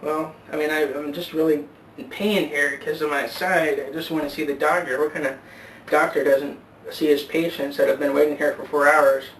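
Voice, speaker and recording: A man's voice: on the high side, little pitch movement, moderate pace, fairly bright tone. Dude doing a whiny guy stuck in a waiting room, echoey, mic far off. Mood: exasperated. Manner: whiny, exasperated complaining. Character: impatient man in pain at a doctor's office. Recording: roomy echo, far from mic, faint hiss.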